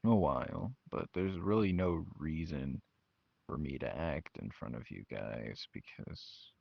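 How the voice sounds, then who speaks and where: Talking personally to his viewers, this young man gripes about his family and quotes them mockingly. He has a very deep voice with vocal fry, recorded on a dull lo-fi mic with no room sound.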